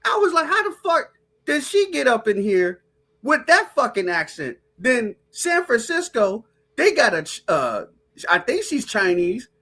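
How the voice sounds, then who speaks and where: A woman hosting a podcast, ranting with profane, animated storytelling in casual chat. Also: a little high, a little slow. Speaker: podcast host.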